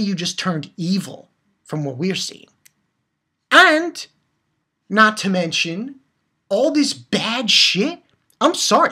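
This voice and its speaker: This reviewer's medium-pitched voice is bright, forceful, and slightly rough. She blasts a manga chapter in a heated, swearing-laden rant, putting it bluntly and restating points to stress them.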